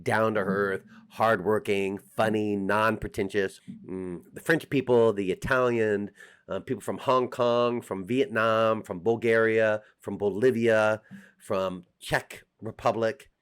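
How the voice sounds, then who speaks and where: A man's voice: fairly low pitch, a bit bright. A middle-aged man with an American accent, talking casually and jokingly straight to the camera as a vlogger. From United States. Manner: chatty, joking, direct address to viewers.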